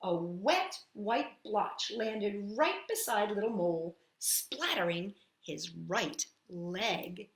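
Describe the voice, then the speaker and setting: A woman storyteller reading a children's picture book aloud, expressive and full of sound effects. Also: mid-range voice, slow pace, few pauses. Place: at home. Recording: echoey room.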